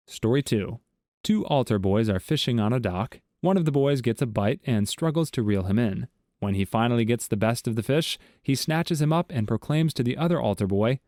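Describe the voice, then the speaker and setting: A man narrating a series of jokes in an even, scripted storytelling read. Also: mid-range voice, fairly quick, no room sound, clean studio sound.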